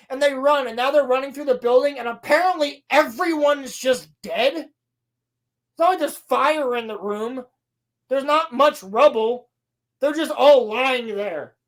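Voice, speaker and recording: Woman, high voice, podcast co-host, sarcastic, profane, exasperated, animated recap. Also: unhurried. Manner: animated storytelling with acted-out quotes. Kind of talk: casual show recap.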